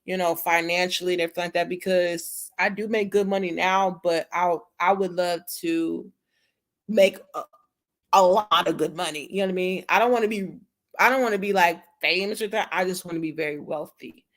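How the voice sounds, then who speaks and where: A woman's voice: fairly low pitch, steady tone, fairly quick, fairly bright tone. A young adult woman chatting casually on her livestream, blunt and cussing freely as she talks to her viewers. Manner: blunt, cusses freely, speaks to viewers as y'all. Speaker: livestream host. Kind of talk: casual live-stream chat.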